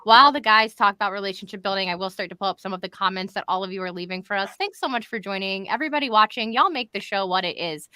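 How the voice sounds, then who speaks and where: A woman's voice: medium pitch, quick pace, hardly any pauses, pushed and bright, clean tone, no echo. A woman hosting a live stream from home, chatty and upbeat, calling the viewers y'all. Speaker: host of a live show. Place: home in Florida.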